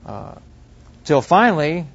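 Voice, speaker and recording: A man's voice: on the high side, big pitch swings, slow, gravelly, husky. A middle-aged man giving an earnest, plain-spoken Christian teaching talk full of family stories. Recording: dull lo-fi recording.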